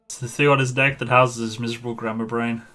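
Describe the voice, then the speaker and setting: A man's voice: medium pitch, little pitch movement, quick pace, pushed and bright. A man streaming a game, chatting casually in a rambling way and laughing at his own stories. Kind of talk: casual chat while gaming.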